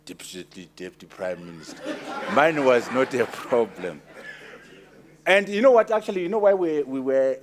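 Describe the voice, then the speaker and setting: Male author from Zimbabwe, emphatic and teasing in Q&A, fairly high animated voice. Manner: forceful, teasing, emphatic repetition. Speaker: author at his book launch. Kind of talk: lively Q&A talk.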